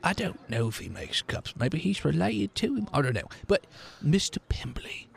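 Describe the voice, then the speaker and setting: A chatty drunk villager who rambles and leans in to whisper secrets, played by a man. His voice is gravelly and swoops up and down. It sounds like a tabletop game character. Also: a little high, very animated, normal speed, exaggerated voice. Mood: conspiratorial.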